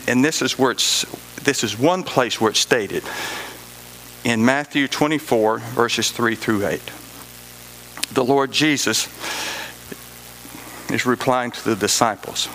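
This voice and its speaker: Gravelly, folksy preacher man. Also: medium pitch, bright, forceful tone, slight background noise, low-quality recording. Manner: folksy, joking asides, repeats key phrases. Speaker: pastor. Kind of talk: sermon.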